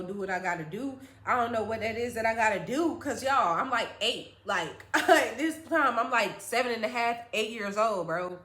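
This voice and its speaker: A woman vlogger telling a personal story in a casual, animated, slangy way, talking straight to her viewers. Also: medium pitch. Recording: roomy echo.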